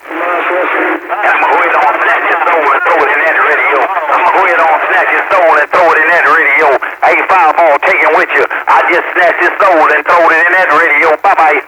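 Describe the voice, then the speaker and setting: A man's voice: on the high side, steady tone, normal speed. A man calling in over CB radio in casual chatter, boastful and sing-song with his sign-offs. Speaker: CB radio caller. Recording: noisy CB radio transmission.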